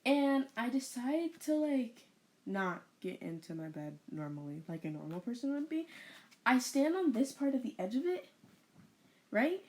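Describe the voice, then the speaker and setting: A woman co-hosting a casual podcast from her bedroom, telling a story in a playful, animated way with plenty of fillers. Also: a little high, normal speed. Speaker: podcast co-host.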